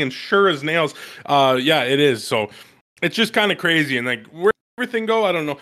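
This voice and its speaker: Bright-voiced guy rambling about card games, gets loud and high when excited. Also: fairly quick. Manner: animated, jumps to high excited pitch when telling stories. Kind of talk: casual gaming chat.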